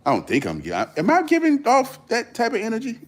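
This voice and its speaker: A man hosting a livestream gives his viewers an earnest motivational talk, repeating points for emphasis in casual slang. He talks fast in a very high-pitched voice that swoops wildly.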